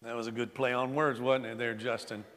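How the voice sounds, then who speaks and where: A man's voice: mid-range voice, level tone, fairly quick, fairly bright tone, in a large hall, a little hiss or hum. A middle-aged male pastor preaching a sermon in a church sanctuary, telling stories in a folksy way with many fillers and restarts.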